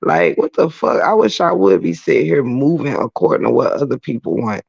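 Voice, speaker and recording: A man rants bluntly on his livestream, swearing freely and answering his chat. His voice is gravelly, and his pitch swings widely. The audio sounds dull and lo-fi. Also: lively intonation, brisk. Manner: blunt and profane, shouts in laughter. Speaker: livestream host reading chat. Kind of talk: casual livestream rant.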